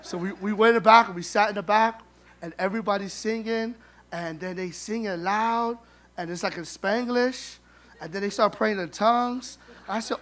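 A middle-aged man telling funny, animated stories at a memorial service, acting out the dialogue. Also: high voice, normal speed. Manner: humorous, animated, acts out dialogue. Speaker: son giving a eulogy. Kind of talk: storytelling eulogy at a memorial service.

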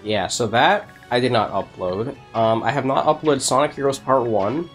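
A man's voice: mid-range voice, moderate pace, faint music behind. A man hosting a let's play, chatting casually in a rambling way and laughing often. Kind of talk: casual gaming chat.

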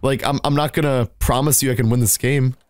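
A young man in his late teens giving anxious, excitable gameplay commentary and talking straight to his viewers. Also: medium pitch, a little fast, no echo, studio quality. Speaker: gaming YouTuber.

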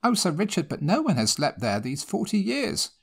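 A man voicing an anxious, fussing elderly housekeeper in a high, pleading voice. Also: huge pitch swings, moderate pace, gravelly, slightly rough, exaggerated voice. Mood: fretful. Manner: pleading, fretful.

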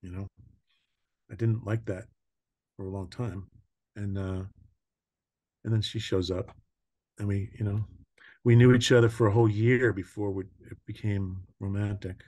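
A man's voice: lowish voice, steady tone. A man in his sixties, a podcast guest, telling personal stories in casual conversation, laughing often and trailing off between thoughts. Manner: warm storytelling, laughing often, trailing pauses.

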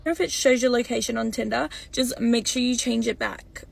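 A woman's voice: fairly high pitch, moderate pace, creaky. A woman vlogging casually, rambling through a story. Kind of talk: casual vlog.

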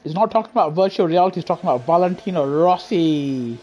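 A man's voice: a little high, expressive, fast talker, darkish tone. A young man, streaming live racing gameplay and teasing the players in his lobby, laughing often and full of slang. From England. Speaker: gaming streamer.

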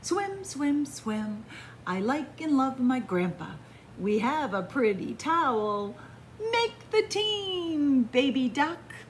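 A timid little duckling girl from a storybook, voiced by a woman reader. She sounds small and wistful, and her high voice swoops up and down. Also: very animated, slow, slight background noise, heavily acted.

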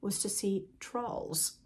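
A woman's voice: medium pitch, fairly even intonation, extremely slow, a little mellow, husky. An older woman from Britain hosting a podcast in a casual, rambling chat with asides to the listener. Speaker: podcast host.

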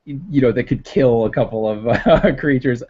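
A man's voice: medium pitch, moderate pace, darkish tone. A man narrating a tabletop game as game master, hesitant and laughing often, heard on a muffled lo-fi recording.

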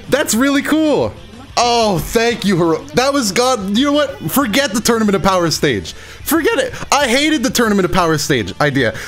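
A man reacting excitedly as a gaming YouTuber, exclaiming and repeating phrases over and over. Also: extremely high pitch. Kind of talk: excited live reaction commentary.

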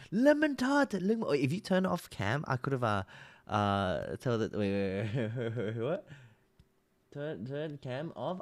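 An Australian man reacts live on his stream, chatty and quick to get excited. His pitch jumps all over the place, and the sound is close and dry with no room around it. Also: dry recording.

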